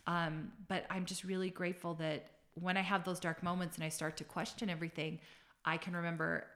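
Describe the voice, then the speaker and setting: A woman's voice: fairly low pitch, level tone, fairly quick, fairly bright tone. A woman guest telling a personal faith story, speaking in a reflective, sincere way and sometimes searching for words. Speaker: interview guest.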